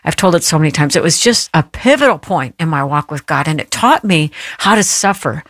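A woman radio host delivering a devotional message, telling a personal story in an earnest, emotional way, slowing down to stress her points. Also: low voice, expressive, fairly bright tone, dry recording, studio quality.

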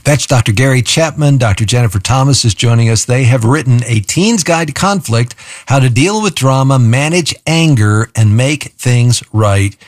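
Measured male radio host, dry studio. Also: mid-range voice, expressive, no echo. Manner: measured, smooth, announcer-like. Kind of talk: radio interview hosting.

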